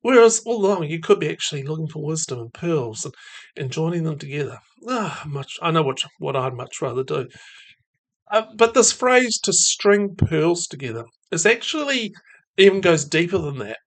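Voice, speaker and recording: Man, fairly high voice, reflective devotional speaker, musing, soft laughs, thoughtful fillers. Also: sing-song, moderate pace. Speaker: faith and mental health speaker.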